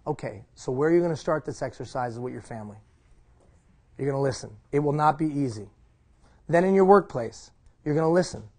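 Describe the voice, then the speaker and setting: A middle-aged man giving a live leadership seminar, emphatic, repeating key phrases and putting questions to the audience. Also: fairly high pitch. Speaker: leadership trainer.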